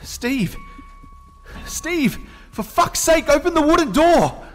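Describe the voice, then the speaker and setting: A man acting out his trapped younger self, frantically pleading and shouting in a strained voice. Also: extremely high pitch, very animated, takes it slowly, in a large hall, faint music behind, voice pushed up, exaggerated voice. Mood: frantic pleading. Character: panicked young man trapped and begging for rescue.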